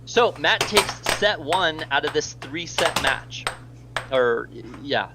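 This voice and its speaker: A man's voice: on the high side, lively intonation, slow, heavy background noise. A man with an American accent doing live play-by-play air hockey commentary, nearly losing his voice, rambling and thanking donors. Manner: rambling, chatty, thanks donors between plays.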